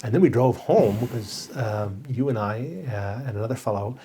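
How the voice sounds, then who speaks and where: A man's voice: mid-range voice, expressive, moderate pace, dark tone, slight background noise. A man co-hosting a podcast in casual chat, hesitant and full of restarts, from Canada. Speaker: podcast co-host.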